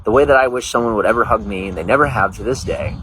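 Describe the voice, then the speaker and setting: Chatty low-voiced man live-streaming. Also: fast. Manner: chatty, rambling, greets viewers by name. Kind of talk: casual live-stream chat. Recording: noisy background.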